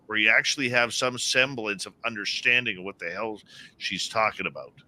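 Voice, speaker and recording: A man hosting a radio talk show, speaking earnestly and haltingly with many restarts. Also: fairly low pitch, bright, forceful tone. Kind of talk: casual on-air talk.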